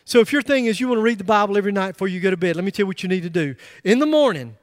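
High-voiced man preaching a lively sermon. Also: very fast, no echo, studio quality. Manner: emphatic, rising to loud bursts with joking asides. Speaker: pastor.

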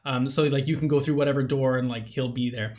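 A man co-hosting a podcast in casual chat, animated and laughing often, with a casual curse now and then. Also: mid-range voice, fast. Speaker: podcast co-host.

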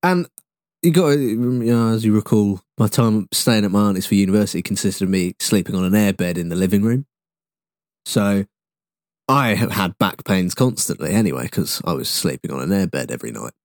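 Young English male podcast co-host, rambling and jokey, lowish voice, dry sound. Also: lively intonation, moderate pace, no room sound. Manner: rambling, swearing, jokey with sudden pitch jumps. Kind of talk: casual chat.

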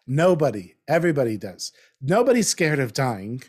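Man, fifties, slightly high voice, reflective, animated at times, conversational. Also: normal speed. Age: 50s. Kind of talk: casual conversation.

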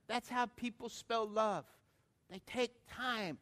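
High-voiced animated male pastor. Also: takes it slowly. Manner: animated, calls for congregation responses. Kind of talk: sermon with anecdote.

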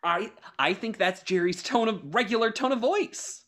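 A podcast co-host trading opinions in an animated chat. Their arguing is heated and overblown, pressing each point with mock outrage. The pitch sits in an ordinary middle range. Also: moderate pace. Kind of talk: casual chat.

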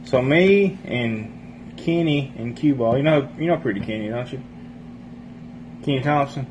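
A man's voice: mid-range voice, measured pace, a little mellow, a little hiss or hum, low-quality recording. A man casually telling a rambling, profane story among friends. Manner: rambling, profane, laughs while telling stories.

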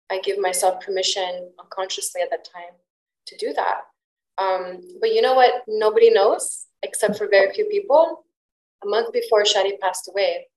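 A woman hosting a podcast, telling personal stories in a candid, open way and often saying "like". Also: mid-range voice. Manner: candid, open storytelling with frequent "like". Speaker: podcast host. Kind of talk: casual podcast conversation. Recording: roomy echo.

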